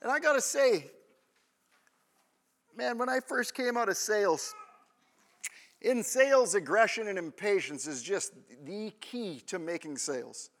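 Man, 30s, pastor; slow, conversational sermon delivery with a bright tone. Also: high voice, lively intonation. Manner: conversational, checks in with the congregation often.

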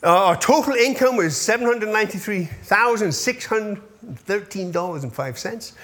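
High-voiced chatty man in his fifties. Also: fairly bright tone. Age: 50s. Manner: chatty, keeps checking in with the listeners; easily moved, voice catches when thanking people. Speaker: pastor. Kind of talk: congregational update from the pulpit.

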